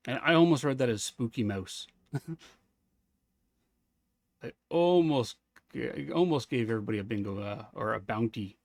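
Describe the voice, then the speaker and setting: A man streaming live gameplay, talking his way through the hunt in a relaxed, friendly ramble. He greets viewers by name and thinks aloud between moves, his voice sitting at an everyday middle pitch. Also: normal speed, creaky, long pauses, no room sound. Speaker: game streamer.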